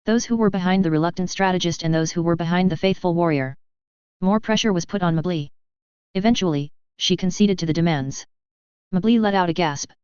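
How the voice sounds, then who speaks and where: A woman with a low, very clear and smooth voice reads a first-person story aloud, keeping it tense and measured. The recording is dry and a little muffled. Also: darkish tone, no room sound. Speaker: audiobook reader. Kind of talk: first-person fiction narration.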